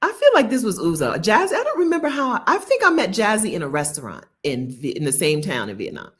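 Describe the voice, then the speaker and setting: An American woman talks casually to her viewers about her travels. She is chatty and laughs often, and her pitch leaps and dips in a lively way as she tells her stories. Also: fast talker. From United States. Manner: chatty, laughing, animated storytelling. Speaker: travel vlogger. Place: Bogota.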